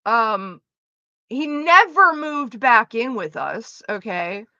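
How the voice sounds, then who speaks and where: A woman's voice: fairly high pitch, big pitch swings, slow pace, pushed and bright, no room sound, highs cut off. A woman streamer chatting casually with her viewers, profane, sarcastic and ranting. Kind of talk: casual chat.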